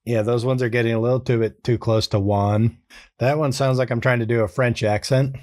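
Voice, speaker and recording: A man recording his own character voices and calmly explaining his process, relaxed, thinking aloud and amused at himself. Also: medium pitch, fairly quick. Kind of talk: casual behind-the-scenes explanation.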